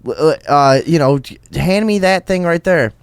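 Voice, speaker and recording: A man hosting a talk show, telling stories in a profane, rambling, animated way. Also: fairly high pitch, a little slow, clean tone, no echo. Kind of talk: rowdy podcast storytelling.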